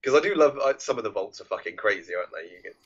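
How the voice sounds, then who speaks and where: A man's voice: fairly low pitch, expressive, rapid-fire, a bit bright, slightly rough, highs cut off. A man co-hosting a casual film review podcast, rambling with many restarts and swearing freely. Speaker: podcast co-host.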